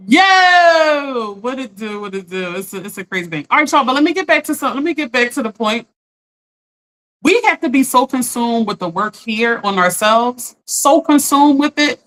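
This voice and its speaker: A woman life coach in casual live-stream chat, animated, laughing often and talking straight to her viewers. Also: on the high side, poor audio.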